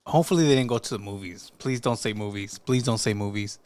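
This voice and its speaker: A man's voice: lowish voice, fast, few pauses, a little mellow. A man hosting a reaction video, giving blunt, profane, joking commentary.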